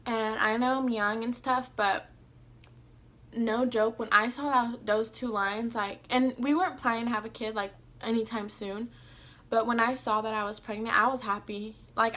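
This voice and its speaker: A woman's voice: on the high side, steady tone, moderate pace, bright, forceful tone. A young woman telling a personal story in a casual vlog, rambling and filling her sentences with "like". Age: young adult. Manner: rambling, heavy use of "like", casual swearing. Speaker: vlogger.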